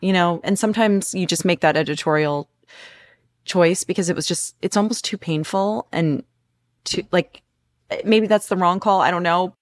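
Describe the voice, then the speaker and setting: A woman co-hosting a talk podcast, with a lowish voice and a chatty, animated way of speaking. The sound is dry and close. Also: moderate pace, no room sound. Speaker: podcast co-host and reporter. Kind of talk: casual chat.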